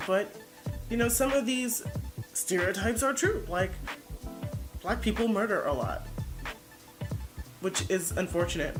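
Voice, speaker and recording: A woman vlogger giving casual reaction commentary, blunt and defensive, rambling as she searches for words. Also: mid-range voice.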